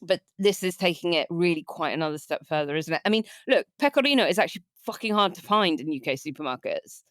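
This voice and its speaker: A woman's voice: lowish voice, expressive, fast talker, fairly bright tone, no room sound. A woman co-hosting a podcast, reading out news and chatting with easy laughter on a close mic. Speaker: podcast co-host. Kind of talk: casual news chat.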